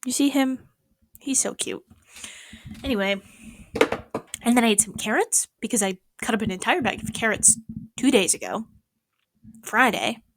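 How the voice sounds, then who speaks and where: A woman's voice: on the high side, normal speed, pauses often. A young woman chatting casually in a rambling vlog about her day, sometimes dropping to a whisper. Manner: rambling, animated, swings into whispers. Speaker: vlogger. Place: small apartment at night.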